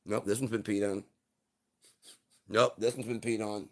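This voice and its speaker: A man's voice: on the low side, fairly even intonation, normal speed, voice pushed up, close to an everyday voice. A man voicing a cranky, foul-mouthed small male pet dog who gripes and swears. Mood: fed up. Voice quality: profane, griping.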